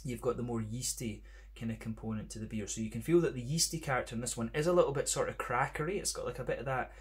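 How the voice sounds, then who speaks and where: A man's voice: medium pitch, fast talker. A man with a Scottish accent reviewing beer in a casual, rambling monologue, full of "kind of" and "sort of" fillers.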